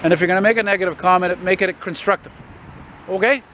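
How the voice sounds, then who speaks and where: A middle-aged man talks in a loose, digressive way, dropping curses as he walks along a windy city street. His voice sits a little on the high side, with faint traffic noise underneath. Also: fairly even intonation, fast talker, fairly bright tone. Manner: casual, profane, digressive. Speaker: vlogger. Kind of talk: rambling walk-and-talk monologue.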